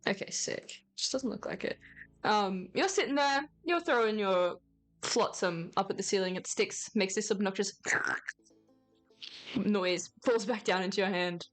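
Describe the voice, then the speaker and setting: A woman's voice: medium pitch, moderate pace, soft background music. Casual woman running a tabletop game. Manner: casual, laughing, searching for words. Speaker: game master.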